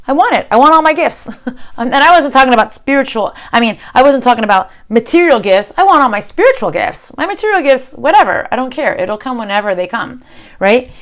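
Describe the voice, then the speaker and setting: A woman giving a spiritual tarot reading to camera, impassioned, swinging from loud outbursts to hushed near-whispers. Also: on the high side. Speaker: tarot reader.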